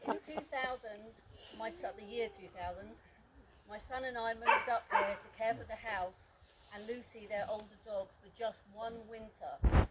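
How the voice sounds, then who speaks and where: A woman's voice: a little high, fairly even intonation, normal speed, a loud crowd. A woman reading a eulogy for a friend, telling fond stories and often breaking into laughter. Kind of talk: reading a memorial speech. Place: memorial gathering. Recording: noisy background.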